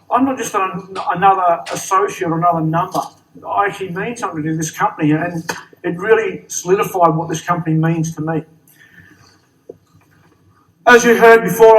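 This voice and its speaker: Bright-voiced Australian man joking on stage. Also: sits high. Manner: jokey, friendly, with repeated words and restarts. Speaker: award-winning associate giving a stage speech. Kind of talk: motivational stage speech. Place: stage at a large company event. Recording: distant stage sound.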